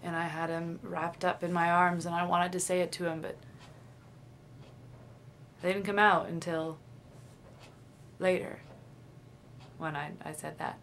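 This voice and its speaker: A young woman with a lowish voice shares her feelings in a confessional video diary. She speaks in a dreamy, confiding way, trailing off and restarting her sentences. A faint hiss sits under the recording. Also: little pitch movement, unhurried, vocal fry, pauses often, fairly bright tone. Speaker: vlogger.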